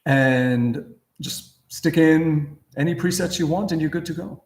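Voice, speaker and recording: A man's voice: fairly high pitch, a little slow, roomy sound. A middle-aged man hosting a guitar livestream, telling loose, profane anecdotes with chuckles in a casual chatting style. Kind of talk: casual livestream chat and storytelling.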